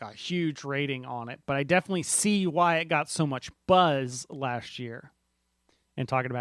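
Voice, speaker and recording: Slightly high-voiced podcast host man. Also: smooth, dry recording, clean studio sound. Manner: rambling, restarts sentences often. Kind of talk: casual board game podcast chat.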